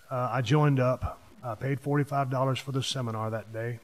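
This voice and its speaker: A man's voice: medium pitch, fairly even intonation, fast talker, hardly any pauses. Emphatic man in his fifties. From Texas. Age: 50s. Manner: emphatic, punches key words with sudden louder swells. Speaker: podcast host. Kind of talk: casual storytelling monologue.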